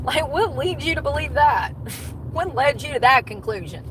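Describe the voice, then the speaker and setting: A woman's voice: sits high, expressive, normal speed, a bit bright, poor audio. A middle-aged woman, chatting and laughing often on a livestream from her car. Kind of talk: casual chat while driving. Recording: car and road noise behind.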